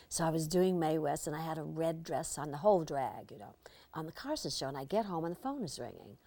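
An older actress as an interview guest, telling lively anecdotes and slipping into impressions. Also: female voice, low-pitched, brisk. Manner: lively storyteller, slips into impressions.

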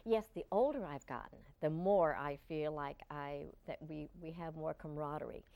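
Older lady reminiscing in an interview, kinda low voice, lots of restarts, dry sound. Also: dry recording. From Portland, Oregon. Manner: warm reminiscing, halting restarts. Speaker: interview guest. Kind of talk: reflective interview talk.

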